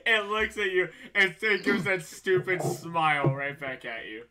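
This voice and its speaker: A man's voice: high voice, unhurried, a crowd in the background. A man running a tabletop game as dungeon master, narrating in a casual, profane way and laughing along.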